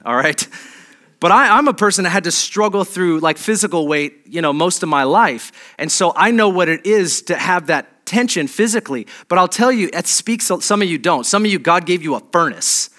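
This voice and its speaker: A man's voice: a little high, bright, forceful tone. A middle-aged man preaching a sermon as pastor, conversational and humorous, with restarts and asides to the congregation.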